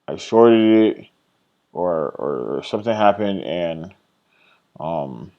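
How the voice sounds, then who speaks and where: A young man recapping his day trades in a casual screen-share vlog, rambling, swearing and blaming himself, and voicing his own past thoughts in an excited, higher voice. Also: slow, dull audio. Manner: rambling, self-critical, swears freely, trails off and restarts.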